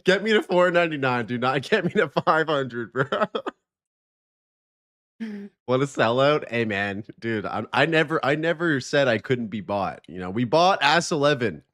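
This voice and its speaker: Male streamer, chatty and joking, with a lively and expressive voice, mid pitch. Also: moderate pace. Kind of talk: casual live-stream chat.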